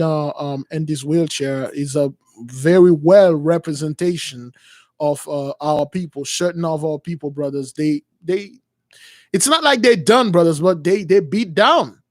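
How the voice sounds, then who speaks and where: Call-in show host, male, high voice, preachy and rambling, dry close sound. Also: darkish tone, no echo. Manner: preachy, rambling, many fillers. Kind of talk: religious call-in radio talk.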